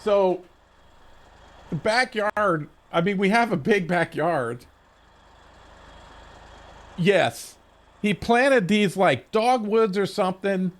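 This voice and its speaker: A man's voice: sits high, slow, long pauses. A man streaming a game, telling a rambling story with frequent swearing and restarts, at his desk mic. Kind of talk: casual stream chat.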